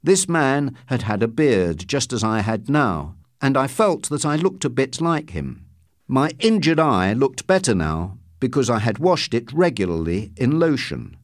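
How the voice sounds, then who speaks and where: Man narrating with a lively, dry voice. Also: mid-range voice, a little slow, no room sound. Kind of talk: scripted audiobook narration.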